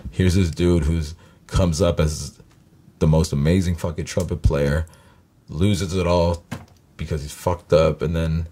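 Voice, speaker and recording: A man hosting a reaction video, talking in a rambling, profane way with lots of fillers and "you know what I mean". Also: low voice. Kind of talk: rambling casual monologue.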